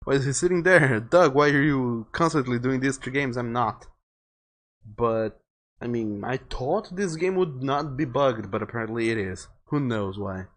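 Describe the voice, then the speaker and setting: A man's voice: medium pitch, normal speed. Chatty male game streamer. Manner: chatty, reads viewer messages aloud, swears. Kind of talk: casual live-stream commentary.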